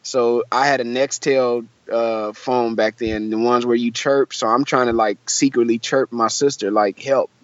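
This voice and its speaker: A young man from Michigan tells a long story in a relaxed interview, acting out the quoted voices with plenty of likes and you-knows. His voice sits at a middle pitch. The sound is dry and a little dull. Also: unhurried, few pauses, dry recording. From Michigan, USA. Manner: animated storyteller, acts out quoted voices, lots of fillers. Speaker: musician guest.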